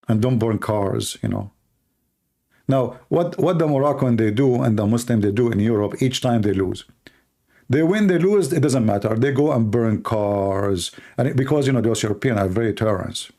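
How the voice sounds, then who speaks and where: Gravelly-voiced man joking on a live stream. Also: mid-range voice, dark tone. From Middle East. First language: Arabic. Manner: rambling, joking, reacting to chat. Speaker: live show host. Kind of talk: casual live-stream chat.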